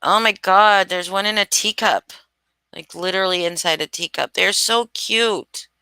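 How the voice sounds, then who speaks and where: Bright, crisp-voiced woman gushing on a stream. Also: mid-range voice, moderate pace, no echo. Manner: gushing, swears freely, laughs often. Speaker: live stream host. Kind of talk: casual live chat. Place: home.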